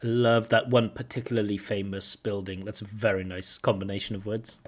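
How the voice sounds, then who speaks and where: A man giving commentary as a speaking examiner, explaining errors and slowly modelling the correct pronunciation of words. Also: lowish voice, little pitch movement. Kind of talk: exam feedback commentary.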